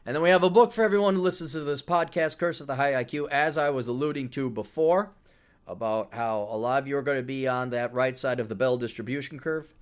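A man's voice: medium pitch, fast. A middle-aged man talks casually and bluntly on his podcast. His tone is brash and sarcastic, and he swears freely as he promotes his books. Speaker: podcast host.

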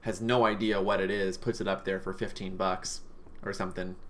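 A young man co-hosting a podcast in casual chat, making dry, deadpan jokes. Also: deep voice, fairly quick. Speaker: podcast co-host.

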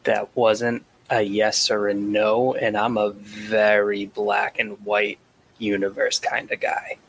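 Gravelly guy at the game table, blunt and wry, takes his time. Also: on the low side, monotone, takes it slowly, slight background noise. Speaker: player. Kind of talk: casual tabletop game chat.

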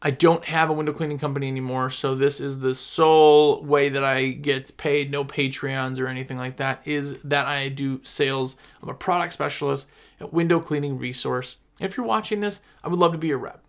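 A man, chatting casually to viewers as a sales rep and pushing his own pitch. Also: steady tone, moderate pace. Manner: chatty, pushy, repeats himself for emphasis. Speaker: window cleaning product sales rep.

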